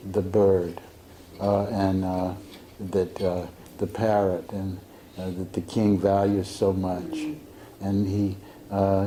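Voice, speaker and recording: A man, a Sufi teacher, retells a teaching story in a halting way, full of fillers and restarts. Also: fairly low pitch, mellow, a little hiss or hum, rough recording.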